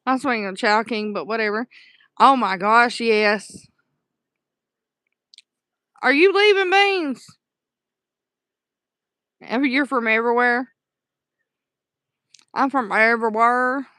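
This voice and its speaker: A woman's voice: on the high side, moderate pace, pushed and bright, dry recording, clean studio sound. Chatty Southern woman streaming live. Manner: chatty, affectionate, reads and answers chat aloud. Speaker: livestream host. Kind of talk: casual livestream chat. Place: dark room at home at night.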